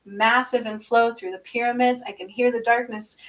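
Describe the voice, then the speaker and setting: A woman's voice: a little high, steady tone, moderate pace, far from the mic, low-quality recording. A woman channeling spirits aloud in an intense, repetitive monologue, often asking listeners if they understand and chanting strings of strange syllables. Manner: speaks with eyes closed, asks listeners if they understand.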